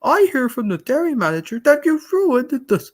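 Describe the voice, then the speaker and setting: A young speaker doing a shrill, stern Sir Topham Hatt. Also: big pitch swings, moderate pace. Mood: scolding. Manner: loud, high mock-stern impression. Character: stern portly railway controller scolding.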